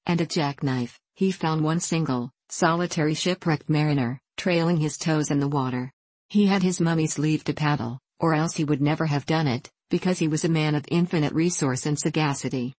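A woman with a low, slightly husky voice reads a children's storybook aloud. Her cadence is slow and sing-song, savoring each line. The sound is dry and close. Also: a little mellow, dry recording.

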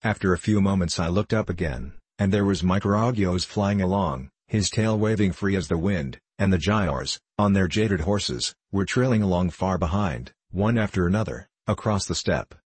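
A man narrating a classic novel as an audiobook reader, in a measured, even storytelling manner. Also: sits low, breathy edge, dry recording.

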